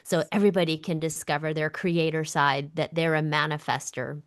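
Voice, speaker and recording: A woman guest artist on a talk show, speaking thoughtfully and often pausing on fillers. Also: deep voice, steady tone. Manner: thoughtful, with many fillers and restarts. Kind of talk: casual chat.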